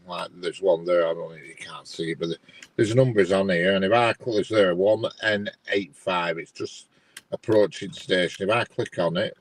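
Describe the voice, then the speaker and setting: A man's voice: deep voice, low-quality recording. A man, chatting casually on a live stream with many restarts, sounding bemused as he checks train diagrams. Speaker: co-host watching live train feeds.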